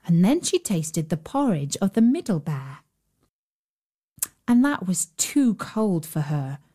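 A woman narrating a children's fairy tale in a gentle, measured storytelling voice. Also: fairly low pitch, very animated, husky. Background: faint fiddle music.

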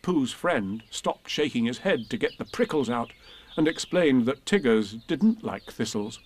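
A man reading a children's storybook aloud with slow, expressive narration. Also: medium pitch, a little hiss or hum.

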